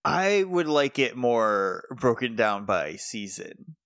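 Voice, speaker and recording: A man's voice: mid-range voice, very animated, slow pace, fairly bright tone, dry recording, studio quality. A man co-hosting a podcast, chatting casually about a TV episode and laughing often between remarks. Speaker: podcast co-host. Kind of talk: casual chat recapping a TV episode.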